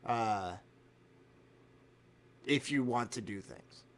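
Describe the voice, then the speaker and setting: A man co-hosting a podcast in casual chat, telling animated stories, acting out quotes and swearing freely. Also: medium pitch, drawn-out words. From United States. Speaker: podcast co-host.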